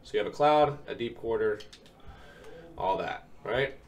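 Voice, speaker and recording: This video game tips creator is a young man recovering from being sick, speaking low-ish with lively intonation and no rush. His commentary is laid-back, dotted with ums, breaking plays down step by step. Faint keyboard sounds come through a far-off mic.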